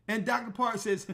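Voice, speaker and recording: A man who is a church elder and show host tells a personal story casually and emphatically, animatedly acting out the people and their dialogue. His voice is very high-pitched with vocal fry.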